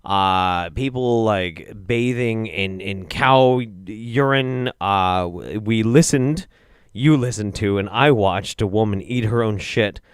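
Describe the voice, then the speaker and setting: A young man hosting a comedic video roundup, reacting with profane, exasperated commentary that swings between low mutters and loud outbursts. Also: slow pace, clean tone, no echo, clean studio sound. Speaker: show host.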